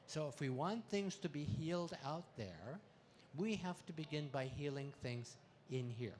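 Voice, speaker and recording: A man doing stand-up comedy on an expo stage, delivering puns in a playful way with sudden loud swells. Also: a little high, lively intonation, measured pace, a little hiss or hum. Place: expo stage before a live audience.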